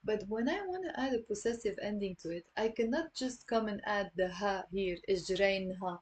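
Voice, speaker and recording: A woman with a Lebanese accent giving an online language lesson, patiently repeating words slowly for learners. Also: mid-range voice, darkish tone. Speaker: Arabic dialect teacher.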